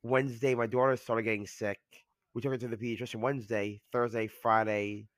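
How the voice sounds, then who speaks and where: A man's voice: mid-range voice, level tone, fairly quick, no echo, studio quality. A young man co-hosting a podcast, talking casually with lots of fillers, his voice still cracking as he gets over an illness. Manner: rambling, lots of "like" and restarts. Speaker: podcast co-host. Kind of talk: casual chat.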